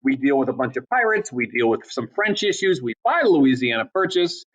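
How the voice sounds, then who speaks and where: A man teaching a history class in a casual, chatty lecture style, with many ums and quick asides. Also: medium pitch, very animated, a bit bright, low-quality recording.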